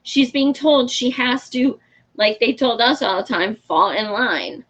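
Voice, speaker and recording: A woman's voice: fairly high pitch, a little slow, fairly bright tone, rough recording. A woman hosting a show and chatting casually with her viewers, frank and talkative, laughing often and swearing freely. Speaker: show host. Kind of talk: casual livestream chat answering viewer comments.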